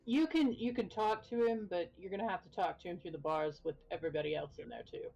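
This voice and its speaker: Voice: mid-range voice, fast talker, vocal fry, darkish tone. A game master narrating a tabletop game in a matter-of-fact way, recorded on a dull lo-fi mic.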